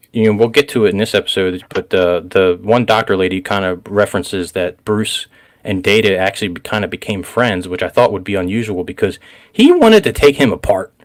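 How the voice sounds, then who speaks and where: A man hosting a casual recap chat, rambling, laughing often and getting excited. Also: fairly low pitch. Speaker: podcast host.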